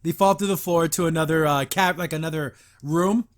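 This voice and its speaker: A man's voice: on the high side, steady tone, fairly quick. A man hosting a casual cartoon review podcast, chatty and laughing as he retells scenes and acts out the lines. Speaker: podcast host.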